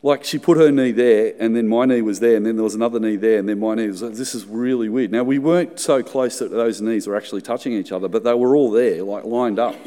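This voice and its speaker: An Australian man, a pastor, preaching a sermon and telling a personal story in a conversational, animated way. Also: lowish voice, quick pace, hardly any pauses. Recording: long hall reverb.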